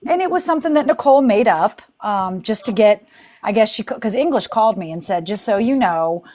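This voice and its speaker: A woman's voice: mid-range voice, expressive, fairly quick, darkish tone. Chatty woman retelling drama. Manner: chatty storyteller who acts out quoted exchanges; exasperated, rambling and full of restarts. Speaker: live stream host. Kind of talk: casual live-stream chat.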